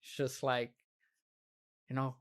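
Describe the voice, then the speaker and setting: A man's voice: medium pitch, monotone, slow pace. A man hosting a podcast in casual chat, laughing often and leaning on "you know" as he talks. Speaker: podcast host.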